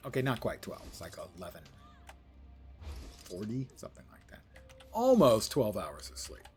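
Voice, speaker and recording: A man's voice: on the low side, huge pitch swings, moderate pace, soft background music. A tired, yawning man streaming a game, chatting casually with wry, rambling asides. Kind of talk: casual live-stream chat while gaming.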